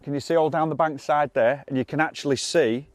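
A man's voice: fairly high pitch, fairly even intonation, a little fast, dry recording. A wildlife expert, a man, explaining outdoors by a river and pointing things out.

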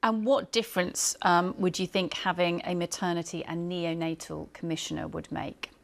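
Lady news anchor, low voice, steady delivery, asks questions with some ums. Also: vocal fry. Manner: measured, with hesitant fillers when questioning. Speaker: news presenter. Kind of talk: broadcast news presenting and interviewing.

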